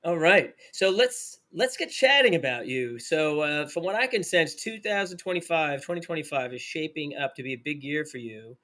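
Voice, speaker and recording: A man's voice: on the high side, expressive, moderate pace, hardly any pauses, a bit bright. A man with a New Jersey accent hosting a casual interview podcast, talking in an enthusiastic, playful way. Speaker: podcast host.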